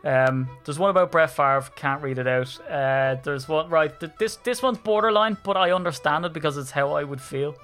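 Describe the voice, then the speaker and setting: A man's voice: fairly high pitch, moderate pace, few pauses, a bit bright, soft background music. A man with an Irish accent, hosting a podcast in rambling, jokey casual chat. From Ireland. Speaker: podcast host.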